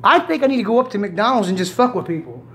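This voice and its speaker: Gravelly guy hosting a crude joke-filled chat, rambles and swears a lot. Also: high-pitched, big pitch swings, fast, a bit bright, slight background noise. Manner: profane, rambling, laughs a lot. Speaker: host. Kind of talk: casual crude comedic chat.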